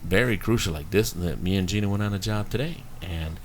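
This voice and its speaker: A man's voice: low voice, fairly quick, a little hiss or hum. A man casually telling funny job-site stories, laughing often and acting out the people in them. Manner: laughs while telling stories, acts out voices. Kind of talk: casual chat, storytelling.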